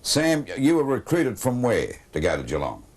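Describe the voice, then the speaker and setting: A man with an Australian accent interviewing guests with teasing, quick-fire questions. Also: medium pitch, huge pitch swings, darkish tone, husky. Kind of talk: casual interview.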